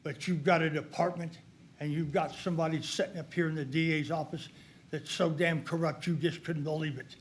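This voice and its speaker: At a county commissioners' court meeting, a heated older man makes a public comment, accusing and emphasizing forcefully. His high voice keeps a steady tone, moves fairly quickly, and carries a breathy edge.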